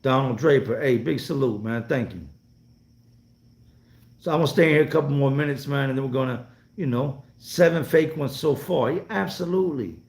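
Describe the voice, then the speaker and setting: A man in his forties from North Carolina talks loosely and bluntly to his live-stream viewers, swearing freely as he rambles through their comments. His voice sits at an ordinary middle pitch. The room gives it a noticeable echo. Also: normal speed, gravelly. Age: 40s. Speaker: vlogger hosting a live stream. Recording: roomy echo.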